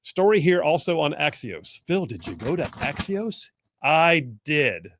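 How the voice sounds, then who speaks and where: A man's voice: fairly high pitch, big pitch swings, measured pace, background noise. A man hosting a political talk show, delivering sarcastic commentary and mocking opponents in whiny put-on voices.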